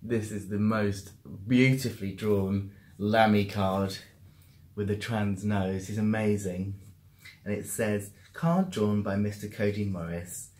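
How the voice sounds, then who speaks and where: A man's voice: on the low side, darkish tone. Chatty British man vlogging. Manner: chatty, self-talking, quick to laugh. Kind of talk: casual video diary.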